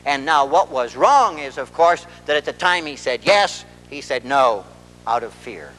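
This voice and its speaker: A man's voice: mid-range voice, a little slow, in a large hall, a little hiss or hum, low-quality recording. A man who is a family therapist gives a public lecture, telling stories and acting out dialogue as he goes. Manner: animated storyteller who acts out dialogue. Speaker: marriage and family therapist giving a talk.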